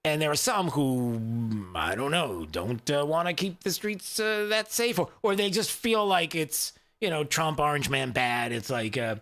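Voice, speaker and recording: A man's voice: fairly high pitch, expressive, measured pace, few pauses, a bit bright. A man hosting a talk radio show, rambling conversationally with plenty of fillers and restarts.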